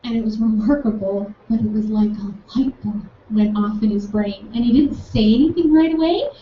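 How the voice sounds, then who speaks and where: A medium-pitched young woman's voice, at a moderate pace, relates a conversation she had on campus. She's enthusiastic and animated, acting out each speaker's part. The sound is dull and echoey, distant, with faint noise.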